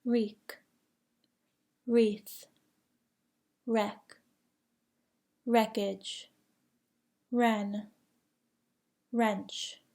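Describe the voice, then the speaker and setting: A woman accent coach with an American accent, reading a word list one word at a time with careful, deliberate enunciation. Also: a little high, level tone, a little mellow. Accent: General American. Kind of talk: slow word-list pronunciation drill.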